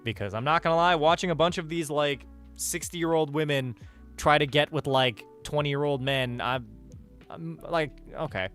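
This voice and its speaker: A man's voice: on the high side, normal speed, fairly bright tone. Rambling, joking male streamer. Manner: rambling, joking, swears, lots of "like". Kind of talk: casual chat with live chat. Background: faint music.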